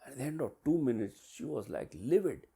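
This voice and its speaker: A man, a business mentor, telling a coaching story in a lively way, acting out quotes and sounds. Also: a little fast, vocal fry, breathy edge. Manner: animated, acts out quotes and sounds with big swings in pitch and loudness.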